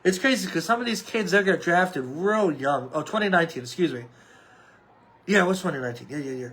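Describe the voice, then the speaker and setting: A man's voice: high voice, animated, fairly quick, fairly bright tone. A man in his thirties hosting a podcast, chatting casually about sports in a rambling, offhand way with many fillers. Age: 30s. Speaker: podcast host. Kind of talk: casual solo sports chat.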